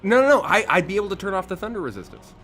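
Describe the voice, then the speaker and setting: A man playing a tabletop role-playing game, animated and laughing, with frequent stumbles and restarts. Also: high-pitched, very fast, faint music behind. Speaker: player. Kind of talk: tabletop role-play chat.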